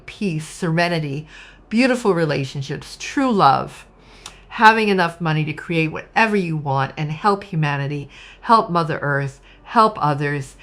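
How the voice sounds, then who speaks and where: A woman giving a casual spoken tarot reading, animated and acting out quoted voices. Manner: animated, acts out quoted voices with sudden pitch jumps. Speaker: tarot reader.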